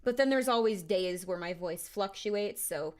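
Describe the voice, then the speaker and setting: A woman's voice: mid-range voice, lively intonation, normal speed, over music. A woman singer talking casually between vocal takes in her home studio, thinking aloud on a studio condenser mic with a phlegmy morning voice. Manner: chatty, thinks aloud, filler-heavy.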